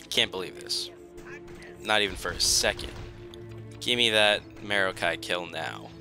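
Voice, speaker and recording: A man's voice: low voice, measured pace, long pauses, bright, forceful tone, soft background music. A young man commentating his own strategy game, pleading and joking at the enemy in a dramatic, self-mocking way. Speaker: gaming YouTuber. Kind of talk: gameplay commentary.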